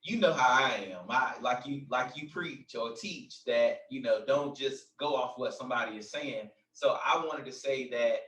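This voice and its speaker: A man in a religious discussion, speaking haltingly as he chimes in to back up a point. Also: medium pitch, fairly bright tone, reverberant, distant mic, slight background noise, low-quality recording. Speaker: discussion participant.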